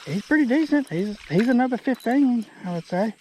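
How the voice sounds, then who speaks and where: Folksy high-voiced fishing vlogger man. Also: expressive, a little fast, darkish tone, a little hiss or hum. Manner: folksy, talks to the fish. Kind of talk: casual outdoor fishing commentary. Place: outdoors by a creek.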